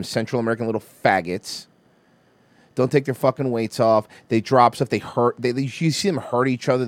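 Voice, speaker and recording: The recording is dry, and the man's voice is medium in pitch. He hosts a podcast full of casual, animated rants and stories, cursing heavily as he goes.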